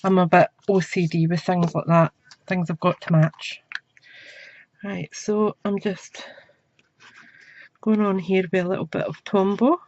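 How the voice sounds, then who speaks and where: A woman's voice: on the low side, steady tone, measured pace, pauses often, a little mellow, muffled recording. A woman giving a crafting tutorial from her desk at home, chatting as she works with her hands. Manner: chatty, talks while working with her hands. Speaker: craft demonstrator. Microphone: camera mic.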